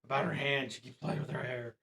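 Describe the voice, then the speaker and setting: A man's voice: mid-range voice, fairly even intonation, quick pace, gravelly, bright, forceful tone. A man chatting casually as a co-commentator, dropping dry, joking asides. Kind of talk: casual chat.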